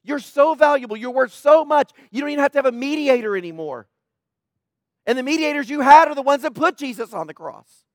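A man's voice: very high-pitched, animated, brisk, no room sound, clean studio sound. A middle-aged man preaching a sermon in an emphatic, conversational way, often asking questions.

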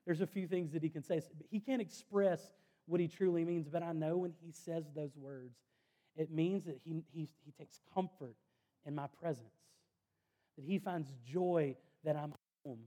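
A pastor, his voice sitting a little high for a man yet warm and mellow in tone. He talks to the congregation earnestly and conversationally, and slips in self-deprecating asides. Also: fairly even intonation, moderate pace. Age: 30s. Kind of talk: sermon.

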